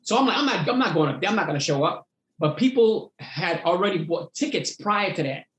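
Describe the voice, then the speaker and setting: A man who does stand-up tells his stories with lively acted-out voices. His voice sits high for a man. The room around him rings with echo. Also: brisk. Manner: animated storyteller acting out voices. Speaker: comedian guest. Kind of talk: storytelling interview.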